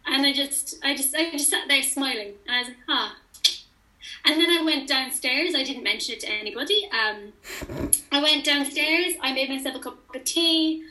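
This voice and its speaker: A woman's voice: high voice, moderate pace, roomy sound, poor audio. A young woman telling a story in casual chat, acting out the quoted dialogue. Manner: animated storyteller who acts out quoted dialogue. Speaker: interview guest.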